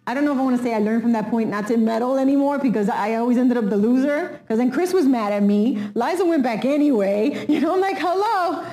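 Woman, mellow tone, earnest documentary interviewee. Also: on the high side, fast, few pauses. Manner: emphatic, earnest storytelling.

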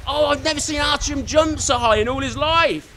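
A man giving chatty, excitable let's play commentary, swearing mildly and talking to the game character. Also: extremely high pitch, normal speed, a little hiss or hum. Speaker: gamer.

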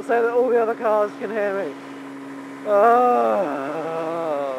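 High-pitched British man shouting over wind. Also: slow pace. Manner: shouting over wind, jokey, urging his bike on. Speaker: vlogger. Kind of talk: casual chat while riding. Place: outdoors, riding a motorbike on a dual carriageway. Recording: loud wind and traffic noise.

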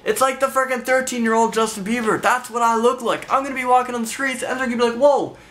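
High, bright-voiced man ranting angrily. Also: flat delivery, quick pace. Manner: angry, profane, rambling rant. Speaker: vlogger. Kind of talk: ranting storytelling to camera.

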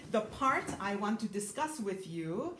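A woman's voice: mid-range voice, sing-song, measured pace, fairly bright tone, a little hiss or hum. A woman concert pianist teaching a piano lesson, thoughtful and full of small ums, sometimes singing rhythms. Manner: thoughtful, many ums, sings rhythms aloud. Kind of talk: piano masterclass explanation. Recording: roomy echo with piano playing.

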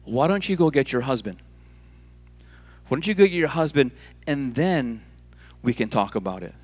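A man voicing Jesus as a calm, gentle, patient man, speaking a bit lower and softer. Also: moderate pace, slightly rough. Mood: easygoing.

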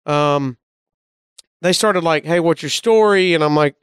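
A comedian from Alabama with a Southern accent, telling a story casually and acting out the voices of the people in it. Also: male voice, on the high side, measured pace, fairly bright tone, clear, resonant tone, no room sound, studio quality. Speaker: comedian guest.

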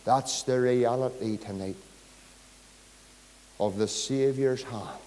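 A man's voice: mid-range voice, slow pace, dark tone. A male pastor with a Northern Irish accent preaching a sermon, telling a story and pleading with his listeners. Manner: storytelling, builds to fervent pleading. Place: church. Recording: long hall reverb.

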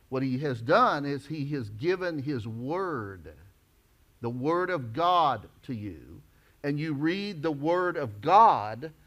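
A male pastor preaching a sermon emphatically, rising to loud declarations and dropping low.

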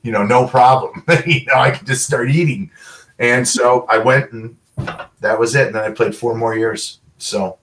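A man's voice: medium pitch, normal speed, far from the mic. A middle-aged man, a former pro football player, telling stories as an interview guest and acting out the dialogue. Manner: animated storyteller, acts out quoted dialogue. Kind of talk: casual storytelling.

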